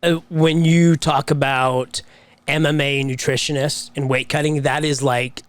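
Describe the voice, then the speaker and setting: A man co-hosting a podcast, talking fast and excitably in a casual, swearing way. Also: on the high side, clean tone, dry recording. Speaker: podcast co-host. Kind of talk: casual chat.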